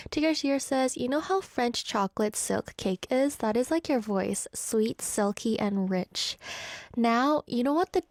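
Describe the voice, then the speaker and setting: A woman's voice: a little high, darkish tone, no room sound. A woman radio DJ chatting live and reading listener comments aloud from a studio. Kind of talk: live radio show chat.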